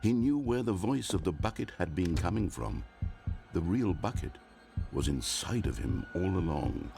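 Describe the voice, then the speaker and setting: A man's voice: low voice, expressive, normal speed, creaky, mellow. An actor voicing a wry, meddling male narrator in a video game, telling the story in a dry, mock-grave manner. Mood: dry storytelling. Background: game music.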